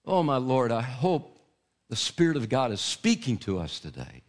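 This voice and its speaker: A male preacher giving an impassioned sermon to men, swinging from soft asides to loud, rising declarations. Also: mid-range voice, wildly swooping pitch, moderate pace.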